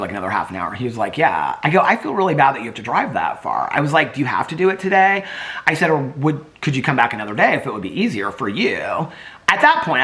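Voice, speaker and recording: A man vlogging at home, telling a long story to his camera in a bright, forceful voice. He is chatty and animated, laughs often and acts out the people he quotes, with his pitch swinging widely. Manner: drops to a hushed whisper near sleeping dogs. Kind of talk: casual vlog storytelling.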